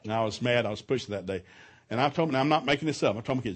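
A middle-aged man giving a preaching talk at a marriage seminar in a church, telling stories with lively shouted quotes and frequent chuckles. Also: mid-range voice, very fast, husky. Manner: animated storytelling, shouts out quoted lines, chuckles often. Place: church hall, live session.

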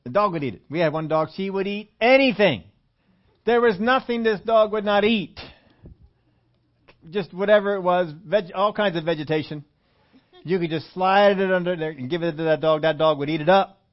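A man's voice: high voice, moderate pace, muffled recording. A male pastor giving a conversational sermon, reading scripture and asking the congregation rhetorical questions with humorous asides.

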